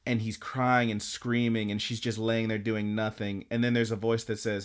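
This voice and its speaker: A man's voice: lowish voice, moderate pace, smooth. A man co-hosting a podcast, recapping anime episodes in casual chat and acting out the characters' lines as he tells the story. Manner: animated storytelling, acting out quotes. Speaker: podcast co-host.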